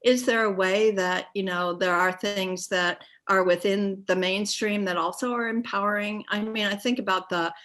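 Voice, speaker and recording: A woman's voice: medium pitch, fairly even intonation, normal speed, hardly any pauses, fairly bright tone. A woman moderating an art panel discussion, thinking aloud with many restarts and "you know"s.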